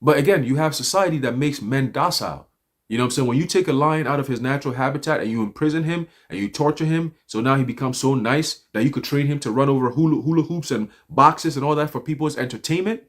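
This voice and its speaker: Man, mid-pitched, loose profane preaching style, rambling and animated. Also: quick pace. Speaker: livestream speaker. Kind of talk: loose religious street talk. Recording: livestream audio.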